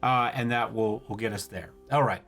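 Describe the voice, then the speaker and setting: A man's voice: lowish voice, moderate pace, fairly bright tone, faint music behind. A man hosting a casual let's-play, thinking aloud as he plays and often stumbling over words. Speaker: gaming channel host.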